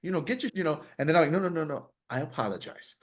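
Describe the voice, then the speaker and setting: A man's voice: on the high side, expressive, racing. Candid man hosting a podcast. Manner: candid, self-reflective, acts out his inner voice. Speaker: podcast host. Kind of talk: casual conversation.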